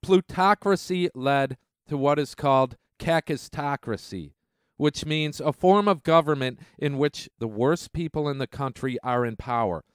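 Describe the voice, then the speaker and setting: A man's voice: fairly high pitch, a little slow, clear, resonant tone, no echo, clean studio sound. A man hosting a radio talk show, delivering ranting political commentary in a heated, sarcastic, mocking manner.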